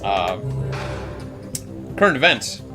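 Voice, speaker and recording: A chatty man co-hosting a game playthrough, talking in a mid-range voice with loose, rambling asides and frequent laughs. Clear game music runs under his voice. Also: medium pitch, big pitch swings, slow pace. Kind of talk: casual gaming chat.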